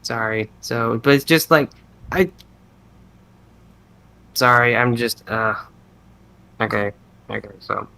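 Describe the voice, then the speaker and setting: A man's voice: mid-range voice, slow, creaky, pauses often, bright, forceful tone, clean tone. A man on a podcast chatting casually, rambling and restarting his sentences as he gathers his thoughts. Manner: rambling, self-interrupting; restarts sentences, many fillers. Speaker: podcast co-host. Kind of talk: casual chat.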